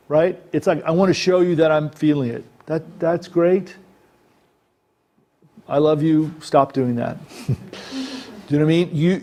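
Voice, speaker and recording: A man's voice: on the high side, mellow. A man giving a talk on acting, speaking conversationally and checking in with his listeners. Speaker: acting coach. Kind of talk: workshop talk. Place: presentation room.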